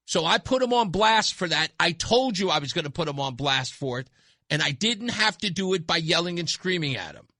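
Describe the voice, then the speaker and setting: Blunt, high-voiced radio host, dry studio sound. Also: male voice, lively intonation, brisk, sharp tone, no echo. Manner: emphatic, blunt, conversational, repeats points for effect. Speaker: radio talk show host. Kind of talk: opinionated talk radio monologue.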